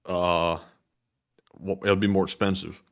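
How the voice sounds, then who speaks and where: A man's voice: sits low, level tone, unhurried. A man from Sweden co-hosting a casual stream, adding dry joking remarks. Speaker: co-host. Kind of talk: casual live chat.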